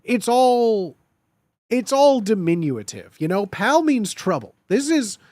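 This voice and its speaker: A man talks casually and playfully on a stream, his voice high and swinging widely in pitch. He keeps repeating catchphrases in put-on tough-guy voices. The sound is dry and close. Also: big pitch swings, takes it slowly, a little mellow, dry recording. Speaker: streamer ranking phrases.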